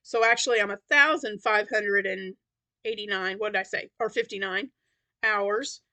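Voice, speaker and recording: This crochet vlogger from Tennessee has a mid-range, sharp-toned voice and speaks at a normal speed. She sounds worn out as she chats and rambles, often restarting and using fillers.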